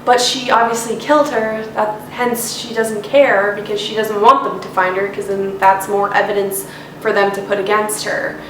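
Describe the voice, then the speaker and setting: A woman's voice: on the high side, fairly bright tone. Blunt, indignant woman vlogger, roomy sound. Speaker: YouTuber. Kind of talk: true crime vlog commentary. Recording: roomy, distant mic, faint hiss.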